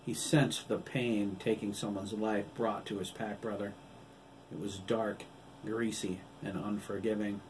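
A man with a lowish voice narrates his novel in a steady, even way. He sits a little back from the mic, and a faint hiss of noise stays under his voice. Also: measured pace, recorded from a distance, rough recording. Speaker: author reading his own novel. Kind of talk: audiobook narration.

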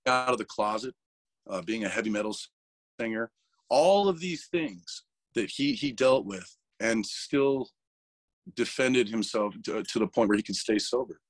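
A lower-pitched man in a candid interview, with an emotional, rough-edged way of speaking. He swears freely and often stumbles over his words. The sound is dry and close. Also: expressive, a little slow, no echo. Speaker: interview guest, metal vocalist.

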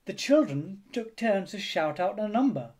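A man reading a children's picture book aloud in an expressive storytelling manner. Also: high-pitched, normal speed. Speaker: storybook reader.

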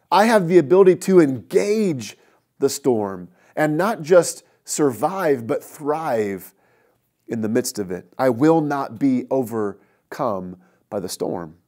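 A male pastor preaching a sermon in a conversational, earnest way, often swinging between loud emphasis and quiet, drawn-out phrases. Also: mid-range voice, sing-song.

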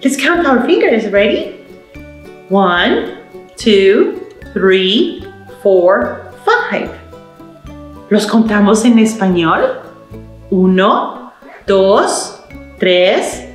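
A woman running a baby storytime, talking slowly and in a sing-song way to little ones, dropping in Spanish words as she counts and sings. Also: mid-range voice, big pitch swings, echoey room, faint music behind. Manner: slow, sing-song, encouraging, talks to babies. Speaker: children's librarian. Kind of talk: baby storytime with rhymes and songs.

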